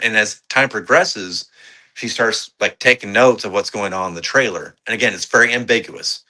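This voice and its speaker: A podcast co-host, a man with a lowish voice and a sharp, forceful tone. He reviews films in loose, excitable chat, swearing and rambling along with plenty of fillers. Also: a little fast. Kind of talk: casual movie review chat.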